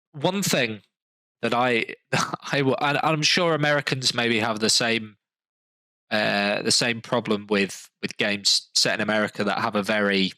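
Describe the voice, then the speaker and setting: A man's voice: mid-range voice, bright, forceful tone, no room sound, low-quality recording. A man from London with a London accent, hosting a podcast in casual chat, rambling with restarts and fillers. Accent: London English. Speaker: podcast host.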